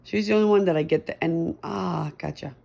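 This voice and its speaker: A middle-aged woman with a lowish, creaky, warm voice talks briskly while vlogging from her messy bedroom at home. Her chat is meandering and self-deprecating, a casual ramble.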